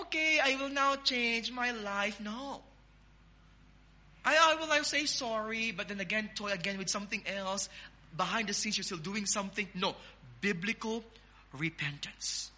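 Man, Filipino accent, pastor, emphatic sermon, high pitch, piercing bright tone. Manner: emphatic preaching with sudden loud rises.

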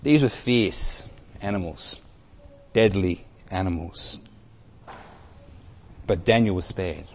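A man preaching a sermon, telling a story with emphasis and dropping from loud to very soft. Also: deep voice, takes it slowly, long pauses. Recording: long reverb of a large hall.

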